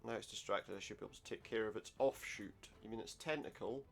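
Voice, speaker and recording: Male gamer, deep and a bit gravelly, wry casual commentary over soft game music. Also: fast. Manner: wry, sarcastic asides. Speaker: let's play gamer. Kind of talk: casual game commentary, reading game dialogue aloud.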